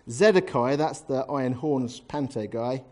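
An animated preacher delivers a Bible exposition in a conversational way. He acts out scripture as he reads it, in a voice of ordinary middle pitch. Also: unhurried. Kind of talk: expository sermon.

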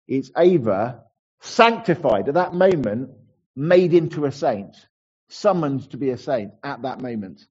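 A man's voice: lowish voice, lively intonation, unhurried, mellow, breathy edge, muffled recording. A man giving a conversational sermon as a pastor in church, with asides and restarts.

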